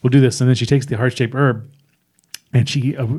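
A man in casual podcast chat, rambling as he recaps a film and slipping into characters' lines. His voice sits in an ordinary middle pitch. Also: steady tone, a little fast, darkish tone, breathy edge.

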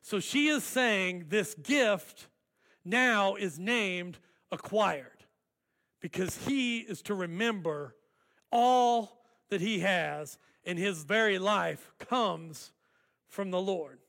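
A man preaching a sermon as pastor, deliberate and emphatic, drawing out key words. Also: high voice, expressive, fairly bright tone, in a large hall.

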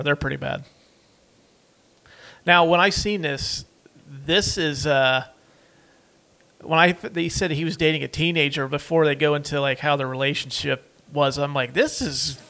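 A man's voice: fairly high pitch, fairly even intonation, moderate pace, gravelly, pushed and bright. A man co-hosting a casual movie watch-along podcast, loose and rambling, with plenty of fillers. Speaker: podcast co-host.

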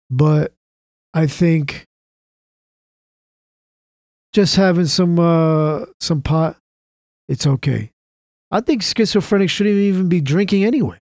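A man hosts an internet radio show in a gravelly, somewhat high voice. He talks casually and conversationally, often checking in with "right?". His studio recording sounds dry and close. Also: warm tone, no echo. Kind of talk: casual opinion chat.

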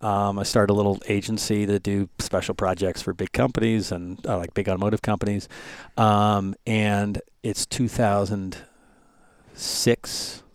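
A man in his forties from the United States, a podcast guest telling racing stories in a casual, animated way and acting out the voices of people he quotes. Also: on the low side, measured pace, clear, resonant tone, no room sound. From United States (San Francisco). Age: 40s. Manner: animated storyteller who acts out quoted voices. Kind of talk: casual storytelling interview.

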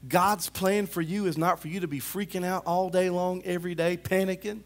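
A man preaches a sermon animatedly, climbing to loud calls, then dropping to hushed asides, often urging the congregation with "come on." His voice is high and his speed normal.

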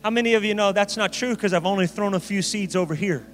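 A man preaching a sermon as pastor, with emphatic rises and slow dramatic phrases. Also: high-pitched, a bit bright. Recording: reverberant hall with faint music.

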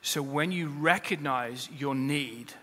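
A man preaching a sermon as pastor, speaking straight to the congregation with humorous asides, and rising to loud, emphatic peaks. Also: a little high, slow pace. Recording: long reverb of a large hall.

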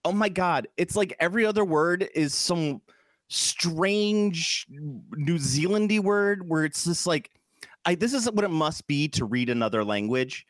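A man's voice: a little high, unhurried, no echo. A man co-hosting a podcast, talking in loose, rambling casual chat. His voice moves freely up and down and he laughs easily, recorded close and dry with no room sound. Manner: animated, laughs often, rambling asides. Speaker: podcast co-host.

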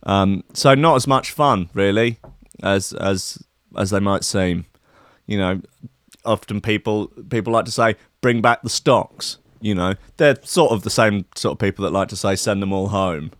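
A man's voice: lowish voice, normal speed. A man giving casual, sardonic commentary, full of crude asides and hesitant fillers. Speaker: streamer reacting to news clips and music.

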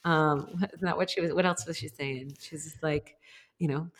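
A woman's voice: low-pitched, fairly even intonation, moderate pace, a little hiss or hum. A woman and mother chatting casually, telling a long, earnest story in a reflective, rambling way. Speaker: podcast co-host and mother. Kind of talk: casual chat.

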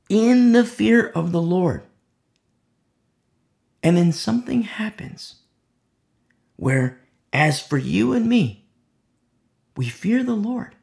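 Man, Bible teacher, gravelly voice, very animated pitch, slightly high, acting out bystander voices. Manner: acts out voices of imagined onlookers in a lively storytelling way. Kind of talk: informal sermon.

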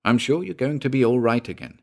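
A man voicing a calm, reasonable small-town doctor who soothes his patient, in a spoken story. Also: mid-range voice, a little fast, vocal fry, pitched above the performer's own voice. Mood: soothing.

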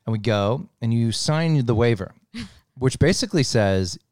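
A middle-aged man, chatting casually and telling an animated story, swearing freely and laughing as he goes. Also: medium pitch, measured pace, no echo, clean studio sound. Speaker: podcast co-host telling a story. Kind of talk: casual chat.

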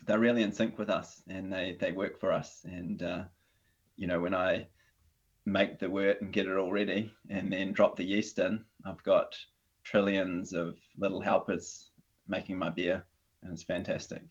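A man with a New Zealand accent, talking casually as a guest, relaxed and hesitant, with plenty of fillers and restarts. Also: sits low, normal speed, husky. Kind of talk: casual conversation. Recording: dull lo-fi audio.

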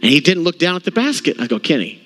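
Animated, bright-voiced male pastor. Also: high voice, racing. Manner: animated, self-mocking, acts out quotes. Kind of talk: humorous storytelling sermon. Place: church service.

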